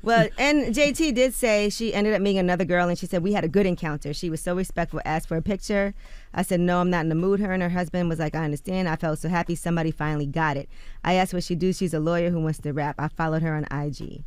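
Woman radio co-host, gossip-news reader, smooth crisp voice, dry close studio sound. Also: on the low side, quick pace, darkish tone, no room sound. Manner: chatty, reads quotes aloud with loose fillers. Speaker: radio co-host reading the rumor report. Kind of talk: radio morning show news read. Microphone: studio microphone.

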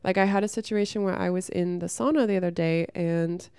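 Young woman, frank advice talk, casual swearing, mellow tone, dry close sound. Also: lowish voice, fairly quick, smooth, dry recording. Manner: frank and blunt, swears freely; lively storyteller who acts out the people she quotes. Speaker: relationship advice creator. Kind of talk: casual advice monologue with storytelling.

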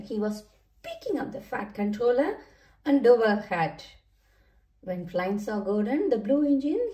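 Slow, lively woman reading a storybook. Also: fairly high pitch. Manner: animated, sing-song story reading. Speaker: children's book reader. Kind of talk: reading a children's storybook aloud. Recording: roomy, from a distance.

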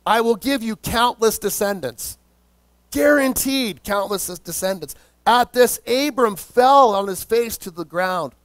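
High-voiced preaching man, dry sound. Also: no echo. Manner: preaching with call-and-response asides to the congregation; slows down to stress key words. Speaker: pastor. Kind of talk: sermon.

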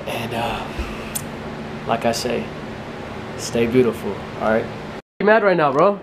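A young man chatting casually to his vlog audience at home, loud and teasing. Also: mid-range voice, sing-song, a little slow, noisy background. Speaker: vlogger. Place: family home.

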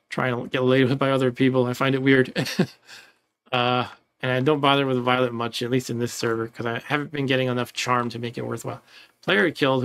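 Creaky and mid-range, this man's voice carries loose let's-play commentary over his own gameplay. He wanders from thought to thought, lets out the occasional chuckle, and reads on-screen text aloud.

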